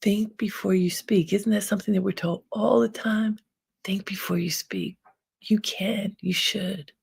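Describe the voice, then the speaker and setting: A woman hosting an inspirational self-help talk, giving calm, unhurried advice with frequent pauses. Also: medium pitch, gravelly, husky. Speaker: host.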